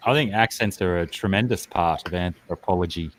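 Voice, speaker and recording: Low-voiced Australian man chatting. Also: fairly quick, a little hiss or hum. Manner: chatty, rambling with fillers. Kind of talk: casual chat.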